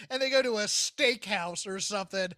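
Animated, laughing man, bright voice. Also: high voice, a little slow, no echo, studio quality. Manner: animated, laughs often, acts out quotes. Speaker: podcast co-host. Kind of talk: casual comedic discussion.

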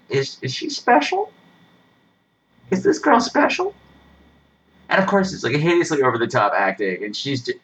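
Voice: mid-range voice, a bit bright, a little hiss or hum, rough recording. A podcast host giving a sarcastic, exasperated rant while reviewing a horror movie, swearing freely. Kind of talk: casual ranting movie review.

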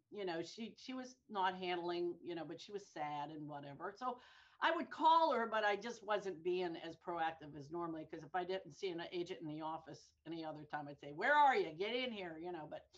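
A woman guest on a podcast telling an anecdote with lively energy, often repeating words and restarting as she goes. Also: on the low side, lo-fi sound. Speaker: guest, real estate brokerage manager.

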